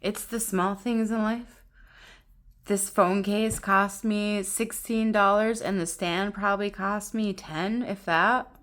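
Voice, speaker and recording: A woman talks casually into her phone camera at home. She gushes and laughs easily, and her voice sits at a middle pitch. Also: slow. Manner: excitable, gushing, laughs often. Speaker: vlogger. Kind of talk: casual vlog chat. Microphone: phone camera on tripod.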